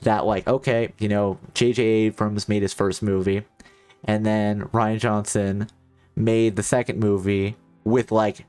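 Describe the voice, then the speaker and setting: A man's voice: fairly low pitch, level tone, a little slow, darkish tone, smooth, faint music behind. A man streaming a video game, chatting casually and rambling into joking asides to his chat. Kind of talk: casual let's-play chat.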